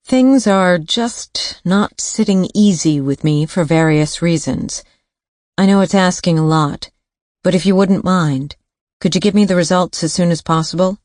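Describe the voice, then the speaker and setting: A woman's voice: on the low side, a little slow, a little mellow, dry recording, clean studio sound, close to an everyday voice. A woman reading an audiobook, voicing a determined woman investigator who speaks urgently and firmly. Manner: urgent, firm, persuasive. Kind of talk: audiobook character voice.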